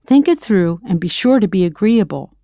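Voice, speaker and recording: A woman's voice: medium pitch, big pitch swings, normal speed, dark tone, no room sound, clean studio sound. A woman narrating a scripted audio language lesson, quizzing the listener with playful questions. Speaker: language teacher.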